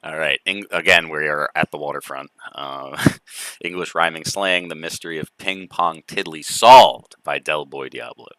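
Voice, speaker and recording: A man's voice: extremely low pitch, moderate pace, fairly bright tone, dry recording, low-quality recording. A man co-hosting a podcast, dropping dry, sardonic asides. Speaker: podcast co-host. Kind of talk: casual commentary.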